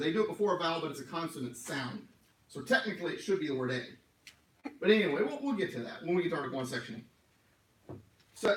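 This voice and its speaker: A man's voice: fairly high pitch, recorded from a distance, slight background noise. A man teaching a class in a classroom, talking conversationally with joking asides and explaining things word by word. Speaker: class instructor. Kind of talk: classroom lecture. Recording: echoey room miked from afar.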